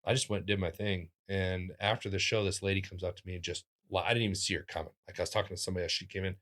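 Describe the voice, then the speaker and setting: Animated storytelling comedian man. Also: racing. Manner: animated, acts out quoted voices with big pitch jumps; talks in restarts and fillers, lively physical-comic energy. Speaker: comedian guest. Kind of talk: casual interview storytelling.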